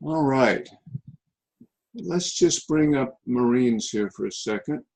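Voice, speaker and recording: Guy teaching over a video call, lots of uh and restarts, halting. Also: mid-range voice, lively intonation, a little mellow, rough recording. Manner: halting, with many restarts and fillers. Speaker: instructor. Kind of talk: online class feedback session.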